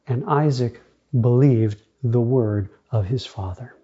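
A man's voice: medium pitch, takes it slowly, mellow, husky, dull audio. A man preaching a sermon, reading scripture aloud and addressing the congregation as brothers and sisters.

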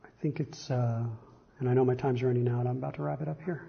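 A man's voice: mid-range voice, steady tone, fast talker, creaky, highs cut off. A man preaching a sermon, reading Bible verses aloud with rising emphasis and frequent self-correcting repetitions.

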